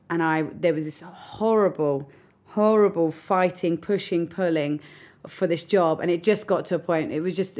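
Young woman guest telling her story, lowish voice, reflective, kinda emotional. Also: darkish tone. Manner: reflective and open, close to tears at times. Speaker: guest recounting a hard period. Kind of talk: candid personal storytelling.

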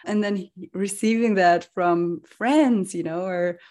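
A woman hosts a relaxed podcast conversation. She talks expressively, laughs often and slips into the voices of people she quotes. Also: mid-range voice, slow. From Netherlands. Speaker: podcast host. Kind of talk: casual conversational interview.

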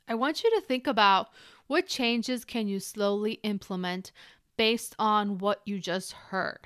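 Podcast host, woman, smooth clear voice, upbeat coaching chat, dry close mic. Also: medium pitch, a bit bright, no room sound. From Ukrainian family. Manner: chatty and encouraging, talks straight to the listener. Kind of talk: solo podcast monologue.

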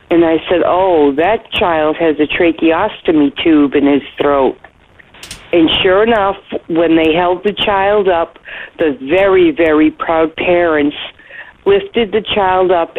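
A middle-aged woman leaving a voicemail, telling a heartfelt personal story in a slow, earnest way with soft pauses. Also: on the low side. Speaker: listener leaving voicemail feedback. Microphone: phone. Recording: tinny phone line, faint hiss.

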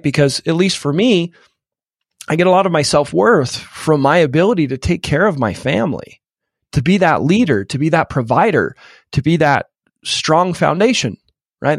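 A man in his thirties, a real estate investor appearing as a podcast guest, tells an emotional personal story full of repeated false starts. His fairly high voice is expressive and moderately paced, recorded at studio quality with no room sound.

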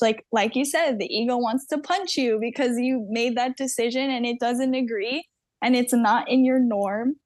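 A woman's voice: on the high side, normal speed, darkish tone, no room sound. A woman in her twenties, a podcast guest, talking candidly in a chatty way full of "like". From Southern California. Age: 20s. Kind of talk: casual conversation.

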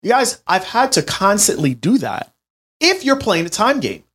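A man in his late twenties tells a story from his own life, speaking to listeners as if they were friends. His pitch swings widely and his delivery is animated and chatty. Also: normal speed, breathy edge. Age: 20s. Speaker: healthcare business owner. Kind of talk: storytelling monologue to an audience.

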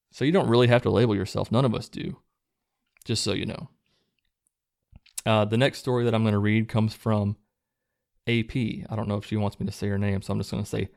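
Man, host reading viewer letters, low gravelly voice, flat even delivery, low-key casual asides. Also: no room sound, studio quality.

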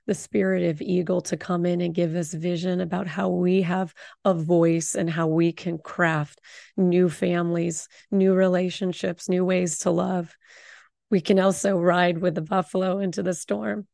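A middle-aged woman hosting a podcast, giving earnest spiritual affirmations and teaching in a slow, soothing way. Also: lowish voice, vocal fry, mellow, no echo, clean studio sound. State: tearful, voice breaking with emotion. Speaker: podcast host.

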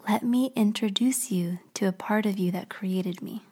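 A woman voicing Perfectionism, a polished female figure in a spoken story who speaks in a crisp, hushed, confiding way. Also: medium pitch, slow. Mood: cool. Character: prim, polished female Perfectionism, exacting and cool.

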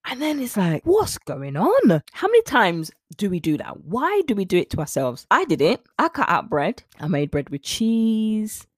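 A woman hosting a solo podcast, chatty and animated, acting out little scenes as she talks. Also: medium pitch, normal speed, few pauses, dry recording, studio quality. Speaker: podcast host.

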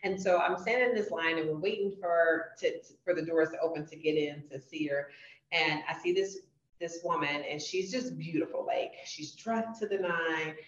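A woman hosting a podcast, telling stories in an animated, chatty way. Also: deep voice, normal speed. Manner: animated storyteller. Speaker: podcast host. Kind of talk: casual interview chat. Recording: roomy, distant, muffled podcast audio.

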